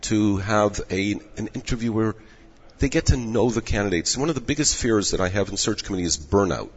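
A fairly low, husky-voiced man losing his voice, explaining in a measured, advising way. The recording is dull with a long echo around him. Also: animated. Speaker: rabbinic placement director. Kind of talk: explanatory interview answers. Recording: echoey dull room audio.

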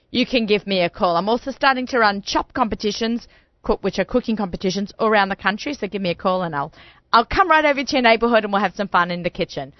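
A woman's voice: mid-range voice, no room sound, muffled recording. A woman hosting a radio talk show in a studio, chatty and bubbly, talking with lots of fillers.

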